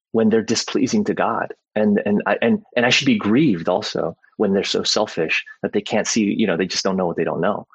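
A man's voice: lowish voice, slightly rough, no room sound, dull audio. A man and father giving a casual Bible teaching, talking conversationally and often checking in with "right?" along the way. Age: adult parent. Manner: conversational, tags sentences with "right?", frequent "like" and "you know".

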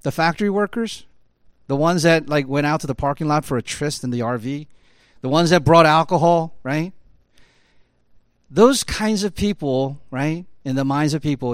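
A man with a voice on the high side tells a story casually, with no room sound. He uses plenty of fillers like "like" and "you know" and builds up to emphatic peaks.

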